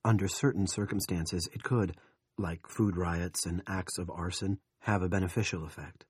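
A low, husky male voice narrating an audiobook at a measured, steady pace. The sound is close and dry, with no room around it. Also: dry recording. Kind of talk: scripted narration.

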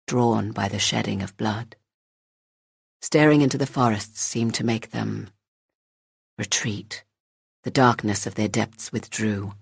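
A woman reading fantasy fiction aloud as an audiobook narrator, in a measured, even storytelling manner. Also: a bass voice, gravelly, husky, no echo, clean studio sound.

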